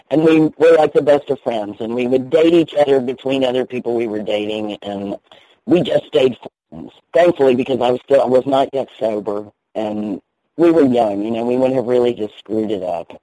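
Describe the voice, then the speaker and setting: A man with a soft North Carolina Southern accent tells his story in an easy, candid way, laughing now and then. His voice is warm and relaxed, recorded dry and close. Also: medium pitch, no echo, rough recording. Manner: chatty, candid, laughs easily. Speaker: guest minister. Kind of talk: storytelling in a radio interview.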